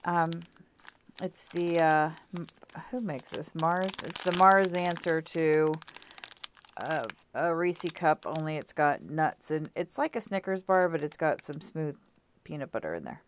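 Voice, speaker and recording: A woman's voice: sits low, lively intonation, unhurried, a little hiss or hum. A woman giving a casual craft tutorial at home, chatty and rambling with lots of fillers, self-corrections and apologetic asides. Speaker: craft vlogger.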